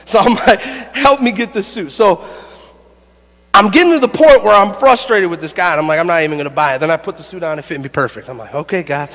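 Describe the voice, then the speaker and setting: Male pastor, lively storytelling sermon, high-pitched voice, shouts at the peaks, echoing church hall. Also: a little fast. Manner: animated, laughing storyteller who builds to shouted preaching. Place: church sanctuary.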